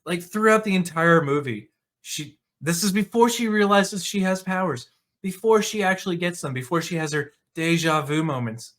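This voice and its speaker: A man's voice: sits high, moderate pace, fairly bright tone. A man hosting his own casual movie commentary, talking in a sarcastic, mocking way.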